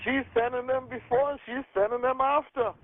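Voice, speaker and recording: A man leading a group call as a sales coach, giving an energetic motivational talk, checking in with "okay?" and acting out phone conversations. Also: very high voice, normal speed, dry recording. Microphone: telephone. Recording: tinny phone line.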